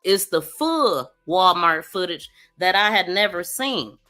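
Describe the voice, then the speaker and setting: A woman's voice: fairly low pitch, animated, measured pace, pushed and bright, soft background music. A woman hosting a true crime live stream, commenting emphatically and talking straight to her viewers. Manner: emphatic, outspoken, addresses viewers directly. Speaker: true crime podcast host.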